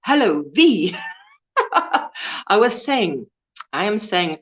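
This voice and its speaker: A woman's voice: mid-range voice, big pitch swings, takes it slowly, long pauses. A woman hosting a casual live-stream chat, greeting viewers and reading their comments aloud. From South Africa. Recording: dull lo-fi stream audio.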